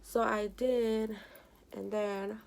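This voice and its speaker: Doing her makeup, a young vlogger drifts through a personal story, leaning on "you know" and tearing up at times. Her medium-pitched voice stays level, with drawn-out words, vocal fry, and a slightly mellow quality.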